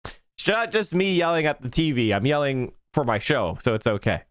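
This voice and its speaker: A male political commentator from Pennsylvania ranting on a live stream, heated and profane, often breaking into shouts. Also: medium pitch, very animated, moderate pace, no room sound, studio quality.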